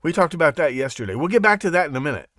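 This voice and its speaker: Animated rambling male podcast host. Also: on the high side, rapid-fire, no echo, studio quality. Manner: rambling, animated, restarts and asides. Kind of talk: casual monologue on a live show.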